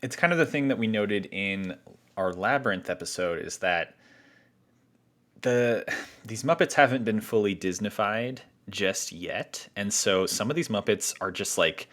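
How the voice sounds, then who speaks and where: A man's voice: on the low side, animated, a little slow, fairly bright tone. A man co-hosting a casual film podcast, chatty, with lots of fillers and restarts. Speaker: podcast co-host.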